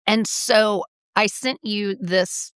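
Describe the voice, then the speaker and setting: A middle-aged woman co-hosting a podcast, telling a story in a casual, animated way and acting out the people in it. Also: mid-range voice, takes it slowly, smooth, dry recording, clean studio sound. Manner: animated storyteller, quotes people in lively voices. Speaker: podcast co-host.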